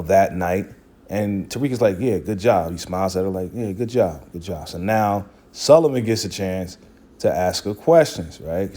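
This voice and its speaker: A man's voice: on the low side, darkish tone. A man casually recapping a TV episode, retelling scenes by briefly mimicking the characters' lines. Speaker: recap video host.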